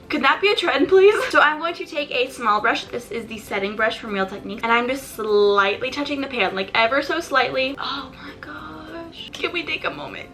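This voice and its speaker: A woman's voice: fairly high pitch, pushed and bright. A teenage girl chatting through a makeup tutorial in a bubbly, joking way, full of asides. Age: teens. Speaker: beauty vlogger.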